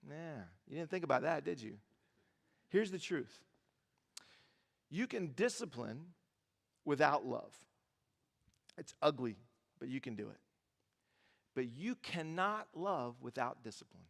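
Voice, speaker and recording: A male pastor preaching a sermon in a church, lively and joking, repeating phrases for emphasis. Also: on the high side, unhurried, gravelly, long pauses. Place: large church auditorium. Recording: reverberant church hall.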